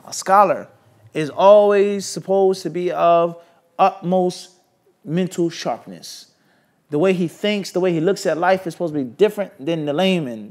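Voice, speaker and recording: This man's voice sits high and sounds a little mellow as he leads an Islamic class. His lecture runs on call-and-response, with repeated "what?" quizzing and scolding asides aimed at students.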